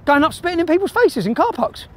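A man in a heated shouting and swearing confrontation in an outdoor car park. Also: extremely high pitch, big pitch swings, fast. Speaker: activist filming a confrontation.

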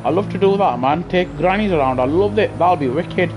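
A man's voice: high voice, lively intonation, brisk. A man with a British accent chatting casually to his live chat while racing, rambling and chuckling as he talks into a gaming headset. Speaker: live-streaming sim racer. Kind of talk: casual live-stream chat over gameplay.

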